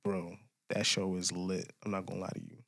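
A man co-hosting a podcast, chatting casually and telling things with excited mock quotes. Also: low-pitched, fairly quick, gravelly, no echo, studio quality. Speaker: podcast co-host. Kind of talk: casual chat.

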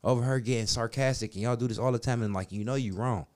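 A man on a casual podcast telling a long profane story, acting out quotes and swinging between loud and soft. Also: mid-range voice, quick pace. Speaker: podcast co-host. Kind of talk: casual chat. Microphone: studio mic.

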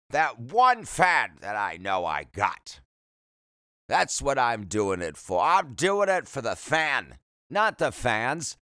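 A man's voice: medium pitch, sharp tone, smooth, no room sound, clean studio sound. Chatty man hosting a solo podcast. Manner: chatty, self-deprecating, jokey asides. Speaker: podcast host. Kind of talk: rambling solo podcast monologue.

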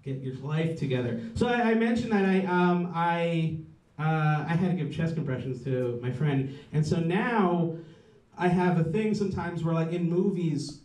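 A man's voice: on the high side, moderate pace, darkish tone. A man in his thirties doing stand-up, rambling and profane, often trailing off and restarting, mocking himself. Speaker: stand-up comedian. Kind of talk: stand-up set. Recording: roomy, mic heard from a distance.

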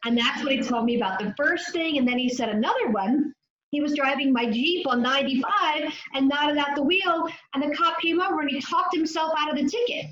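A woman addiction clinician telling her story in an interview, animated and acting out the dialogue as she goes. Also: high voice, a little fast, roomy sound, lo-fi sound. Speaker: addiction clinician and author, guest.

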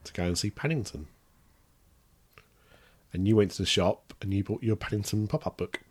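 A man's voice: lowish voice, normal speed, husky. A man, a parent casually questioning his child about a book, playful and teasing. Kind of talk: casual chat.

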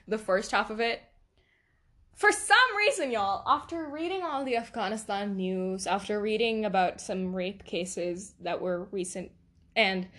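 A woman's voice: fairly high pitch, fairly bright tone. A young woman hosting a casual solo podcast, talking emotionally and animatedly, laughing often and using lots of fillers. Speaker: podcast host.

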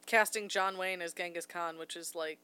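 A woman's voice: on the low side, steady tone, moderate pace, sharp tone, smooth, faint music behind. A woman co-hosting a podcast, chatty and emphatic, her talk sprinkled with "like.". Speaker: podcast co-host. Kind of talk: casual chat.

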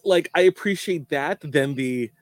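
A man's voice: fairly high pitch, measured pace, no room sound. A man co-hosting a casual reality-TV chat, talking wryly and mocking the contestants. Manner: wry, mocking impressions. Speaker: podcast co-host.

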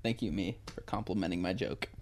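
A man's voice: deep voice, brisk. A young American man co-hosting a casual podcast, laid-back, laughing often and swearing casually. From United States. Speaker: podcast co-host. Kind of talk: casual chat.

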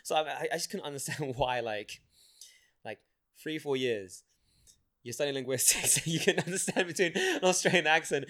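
A man's voice: on the high side, normal speed. A young man with a London accent, telling a story as a podcast co-host and acting out dialogue with a lot of laughter. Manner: animated, laughing, acts out quoted dialogue. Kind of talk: casual storytelling chat.

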